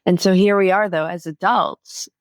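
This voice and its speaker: A podcast guest who coaches inner child healing explains her method earnestly in a fairly low voice. She's clear and instructive, growing animated when driving a point home, at a moderate pace in a close, dry recording with no echo.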